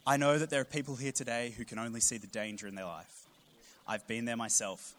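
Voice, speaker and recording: Animated man preaching. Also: medium pitch, a little fast, a little hiss or hum. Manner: humorous storytelling, animated emphasis. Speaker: pastor. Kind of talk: sermon.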